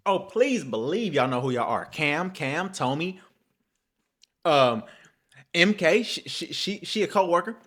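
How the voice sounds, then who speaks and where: A young man hosts a solo football talk show. His voice sits a little high for a man, and he swings between low mutters and loud, animated trash talk full of curses. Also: unhurried. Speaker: host.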